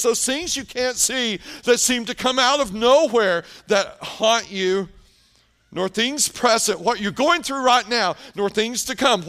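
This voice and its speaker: Man, pastor, sermon, high voice, slow deliberate delivery, storytelling with hushed moments. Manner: storytelling preacher, dramatic pauses, drops to hushed tones.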